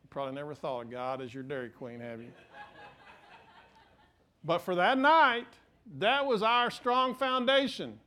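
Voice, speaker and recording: Middle-aged male pastor, fairly high voice, halting but emphatic preaching. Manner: halting restarts, swings from quiet to emphatic. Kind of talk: sermon.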